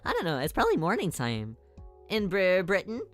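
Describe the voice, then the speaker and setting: Over soft background music, a woman streamer with a lowish voice and wildly swooping pitch talks a little fast in casual live-stream chat. She rambles, giggles often between thoughts, and slips into mock voices.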